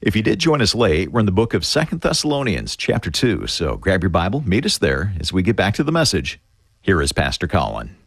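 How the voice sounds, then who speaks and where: A man with a very low, slightly husky voice reads a scripted broadcast announcement. His delivery is friendly and measured, with a lively rise and fall. The sound is close and dry. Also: dry recording. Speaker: radio program announcer.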